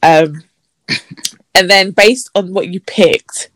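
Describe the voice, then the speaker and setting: A woman's voice: slow, a bit bright, no echo. Chatty woman, dry close mic. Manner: chatty and storytelling, acts out messages in a mocking high voice. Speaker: podcast co-host. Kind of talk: casual chat.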